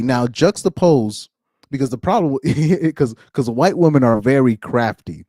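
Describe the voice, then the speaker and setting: Ranting man, mellow voice, lively pitch. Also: unhurried, no echo, clean studio sound. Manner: blunt, ranting, laughs often. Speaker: commentary streamer. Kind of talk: casual reaction commentary.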